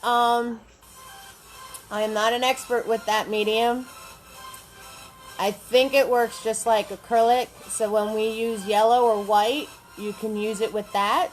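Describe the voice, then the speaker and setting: In a level, unhurried tone with a somewhat high pitch, a woman teaches a live painting class, chatting and greeting viewers by name as she paints. The audio is poor, with faint music in the background.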